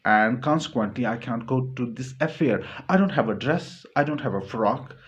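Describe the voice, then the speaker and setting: A man's voice: medium pitch, moderate pace, dull audio, natural voice. A man voicing a tearful, proud young wife who halts and repeats each phrase as she answers. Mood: upset.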